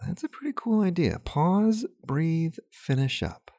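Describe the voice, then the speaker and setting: A man's voice: a little high, lively intonation, a little slow, warm tone, no echo, studio quality. A man hosting a children's audio show, friendly and encouraging, speaking straight to the young listeners. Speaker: host.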